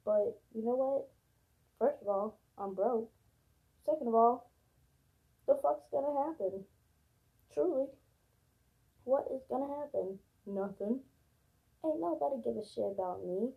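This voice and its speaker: A young woman talks straight to her viewers in a blunt, profane rant, hammering points by repeating them. Her voice sits a bit high and comes out husky and strained. The audio is thin and phone-like. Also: animated, unhurried, pauses often. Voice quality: gravelly, husky. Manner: blunt, profane, emphatic repetition. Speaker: vlogger. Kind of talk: casual ranting monologue.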